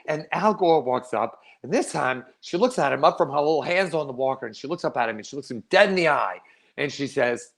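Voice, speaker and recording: Animated middle-aged male storyteller. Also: a little high, normal speed, gravelly. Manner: animated, wry, laughs often. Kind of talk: performed storytelling monologue.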